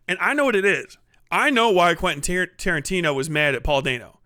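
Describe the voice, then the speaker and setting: A man's voice: high voice, lively intonation, moderate pace, pushed and bright, smooth, no room sound, studio quality. A man livestreaming a rambling, profane comedic rant, laughing often and slipping into impressions.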